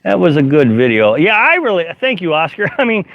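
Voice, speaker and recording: A middle-aged man hosts a casual live stream from inside his camper, reading viewer comments aloud in a slightly high, very animated, brisk voice. He rambles and laughs often, with plenty of fillers and restarts. The audio is dull, lo-fi, and free of room sound.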